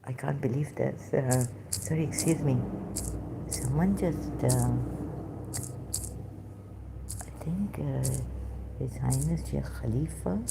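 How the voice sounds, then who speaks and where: Woman, low gravelly voice, slow hesitant livestream talk, slips into whispers, faint noise behind. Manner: hesitant, halting, drifts into whispers. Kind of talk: rambling solo livestream talk.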